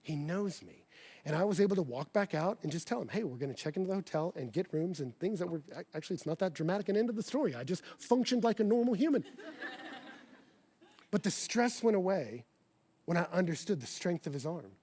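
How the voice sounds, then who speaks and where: Male pastor, high-pitched, animated storyteller, sermon delivery with big loud-to-quiet swings. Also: brisk, breathy edge. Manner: animated, acts out quoted voices, swings from loud to hushed. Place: church stage before a congregation.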